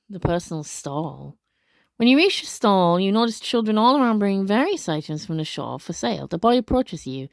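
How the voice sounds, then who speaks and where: A woman doing casual let's play commentary, reading game text aloud with expressive, gasping reactions and chatty asides. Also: mid-range voice, normal speed, creaky, no room sound.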